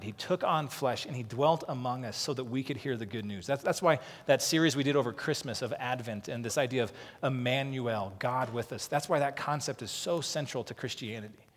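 Male pastor, mid-pitched voice, earnest preaching style, long hall reverb. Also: fairly quick, few pauses. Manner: earnest, repeats words when starting sentences. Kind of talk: sermon.

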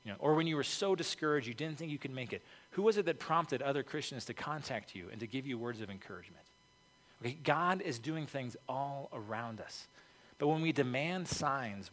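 A man's voice: mid-range voice, a bit bright. A man preaching a conversational sermon as pastor, informal and peppered with "okay" and "like". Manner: informal, peppered with 'okay' and 'like'. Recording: reverberant hall.

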